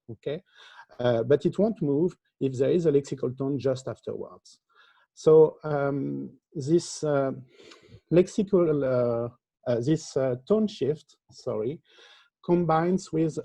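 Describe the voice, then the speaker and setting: A man giving an academic conference talk as a linguistics lecturer, explaining step by step in a halting way, with frequent pauses. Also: medium pitch, warm tone, husky, dry recording.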